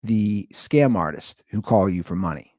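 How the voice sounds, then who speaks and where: A man hosting a podcast, telling a story in a rambling, animated casual monologue. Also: fairly low pitch, unhurried, no room sound, clean studio sound. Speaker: podcast host.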